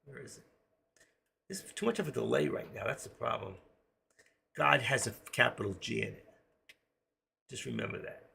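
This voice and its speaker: A man's voice: medium pitch, lively intonation, moderate pace, gravelly, long pauses, bright, forceful tone, slight background noise. An older man with a New York accent and a trace of Florida, chatting casually with viewers while hosting a live trading stream from home.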